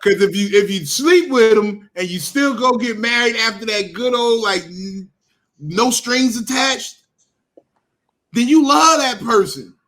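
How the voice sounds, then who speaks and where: A man guesting on a comedy chat, teasing and joking at an unhurried pace. His voice is very high and bright and swoops widely. Faint noise sits under it. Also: animated.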